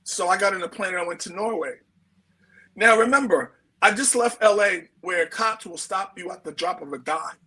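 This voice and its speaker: Middle-aged New York man, slangy storyteller, high bright voice, a bit husky. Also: normal speed, poor audio. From United States. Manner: slangy and animated, acts out quotes. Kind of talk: casual storytelling.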